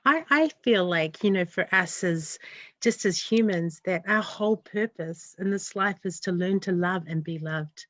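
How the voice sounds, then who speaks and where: Earnest New woman, low voice. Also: unhurried, fairly bright tone, no echo. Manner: earnest, heartfelt, rambling run-on thoughts. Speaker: community developer, guest. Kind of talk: casual interview chat.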